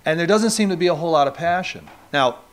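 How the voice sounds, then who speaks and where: A man's voice: a little high, fast talker. A man from New York State preaching a sermon, talking conversationally and asking the congregation rhetorical questions. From New York State, USA. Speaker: pastor.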